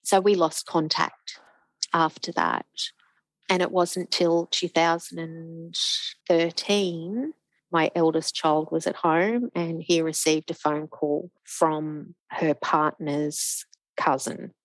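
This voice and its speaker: A woman's voice: low-pitched, fairly even intonation, slow, no echo, low-quality recording. A middle-aged woman, a guest telling her own story, acting out the voices of the people in it. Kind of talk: emotional personal storytelling.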